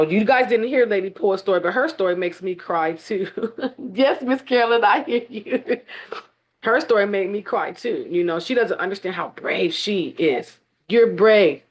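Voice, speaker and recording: A woman hosting an online event, telling her own story with deep feeling and close to tears, speaking straight to her audience over a video call. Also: muffled recording. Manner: tearful, heartfelt, speaks directly to the audience. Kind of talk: emotional testimony on a video call.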